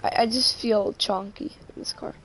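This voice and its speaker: A woman's voice: mid-range voice, fairly even intonation, moderate pace, a little hiss or hum. A woman streaming a game live, chatting casually and joking, often trailing off mid-sentence.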